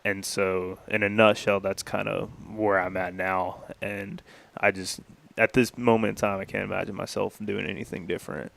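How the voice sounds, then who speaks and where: A man's voice: fairly low pitch, flat delivery, moderate pace, creaky, fairly bright tone, slight background noise. A young man in his twenties from northern Louisiana, a polite and earnest guest in a radio interview. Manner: polite, earnest, says yes sir. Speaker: guest, campus ministry worker.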